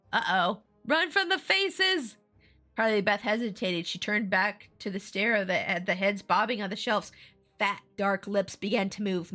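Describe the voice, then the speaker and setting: A woman's voice: mid-range voice, a bit bright. A woman streamer reading a scary children's story aloud in an ASMR stream, with playful asides.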